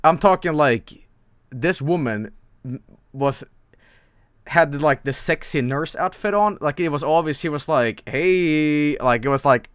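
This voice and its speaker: A man's voice: on the high side, animated, measured pace, fairly bright tone, no room sound, clean studio sound. A man chatting casually on a live stream, rambling and stammering with frequent laughs.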